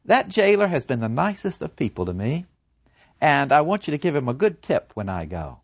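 A man's voice: fairly high pitch, big pitch swings, normal speed, breathy edge, no echo, dull audio, full character voice. Man doing Socrates, a serene old philosopher. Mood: cheerful. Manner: earnest, preaching, acts out voices of souls. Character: serene old male philosopher awaiting execution. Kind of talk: dramatic storytelling.

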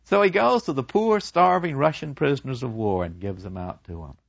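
Animated male lecturer retelling a story. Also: medium pitch, a little fast, vocal fry, dry recording. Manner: animated, acts out the people in his story. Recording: dull lo-fi dry recording.

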